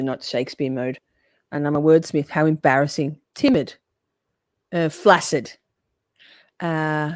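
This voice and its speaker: A woman's voice: lowish voice, no room sound, studio quality. A woman streaming live reaction commentary on a trial, making crude, profane, joking asides and reading out chat.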